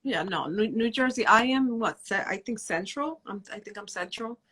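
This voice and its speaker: A woman guest in a casual chat, speaking relaxed with halting restarts. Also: mid-range voice, husky. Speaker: guest, microblading educator.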